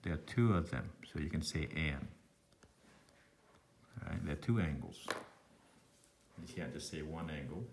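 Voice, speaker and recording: A man's voice: very deep voice, normal speed, gravelly, long pauses, background noise. A man from Laos with a thick Lao accent, a math teacher thinking aloud through a recorded online lesson with meandering, self-deprecating asides.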